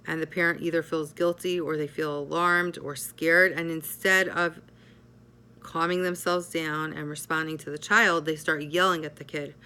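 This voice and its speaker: Female therapist, measured explainer, bright and crisp, slightly low-pitched. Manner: measured, explanatory, often checks in with "right?". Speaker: psychotherapist. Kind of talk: explanatory talk to camera.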